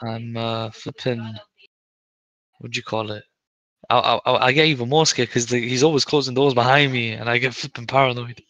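A man chatting casually on a livestream, quiet and hesitant with plenty of fillers. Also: mid-range voice, fairly even intonation, moderate pace. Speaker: stream co-host.

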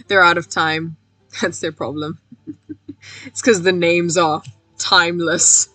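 A woman streaming a game, her voice going hoarse, rambling in a self-mocking way, cracking puns and laughing at herself. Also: fairly low pitch, fairly even intonation, slow, pauses often, pushed and bright, no room sound, faint music behind. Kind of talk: casual let's-play commentary.

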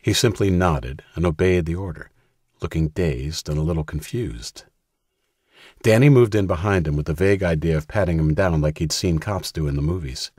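A man reading a thriller audiobook in steady, measured scripted narration. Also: deep voice, husky, no echo, studio quality.

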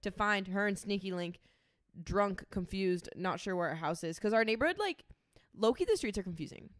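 A young woman in her twenties co-hosting a podcast, chatting in a relaxed way with lots of "like"s. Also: mid-range voice, normal speed, dry recording, studio quality. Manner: relaxed, filler-heavy speech with many "like"s. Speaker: podcast co-host. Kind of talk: casual chat.

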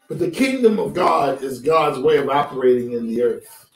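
This pastor's voice is medium in pitch, animated, and marked by vocal fry, moving at a moderate pace. He preaches a streamed sermon conversationally, drawing responses from his congregation. Recorded from afar in a roomy sanctuary, the audio carries faint music in the background.

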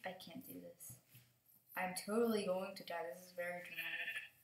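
Excitable young woman narrating her gameplay. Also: lowish voice, moderate pace, echoey room, a little hiss or hum, rough recording. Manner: excitable, yelps and laughs at danger. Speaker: gaming channel host. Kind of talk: casual let's-play commentary.

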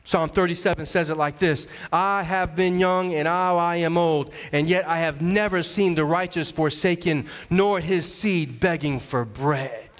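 A man's voice: high-pitched, measured pace, a bit bright. A male associate pastor preaching a sermon, building to repeated rising declarations before a church congregation. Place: large church sanctuary. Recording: long hall reverb from church.

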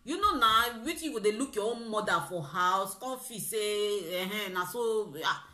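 A young Nigerian woman vlogger recounting a story time in a car, animated and mixing pidgin with laughter. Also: mid-range voice, normal speed, roomy sound.

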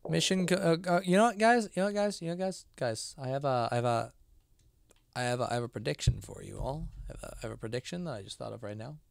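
A man's voice: mid-range voice, lively intonation, quick pace, gravelly, no echo. A man streaming a horror game live, rambling to himself and his chat, sleepy and yawning. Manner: rambling, self-talking, sleepy with yawns. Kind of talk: casual live game commentary.

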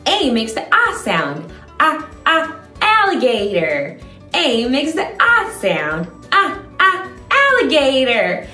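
A woman's voice: high-pitched, a bit bright. A young woman hosting a children's learning video in a sing-song, exaggerated, playful way. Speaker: children's educator host. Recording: echoey room with faint music.

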